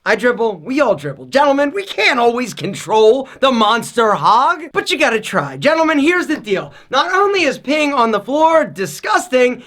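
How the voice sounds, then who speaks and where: A man in his thirties hosting a joking advice video, talking loudly with lots of energy. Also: very high-pitched. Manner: loud, animated, joking delivery. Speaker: host.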